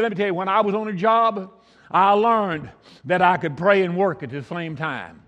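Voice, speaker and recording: High-voiced folksy preacher in an echoey hall. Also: male voice, normal speed, a bit bright, lo-fi sound. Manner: homespun, repeats himself for emphasis. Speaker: pastor. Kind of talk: folksy storytelling sermon.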